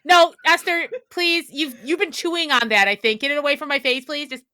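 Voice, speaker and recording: Woman, flustered radio-host role-play, high voice, bright, dry close sound. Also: fairly quick, no echo. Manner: frantic, flustered, dramatic. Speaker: tabletop game player.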